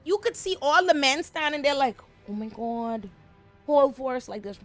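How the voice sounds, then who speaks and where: A woman giving a casual, animated, slangy recap of a TV episode. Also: sits high, a little fast, soft background music. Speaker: show recapper.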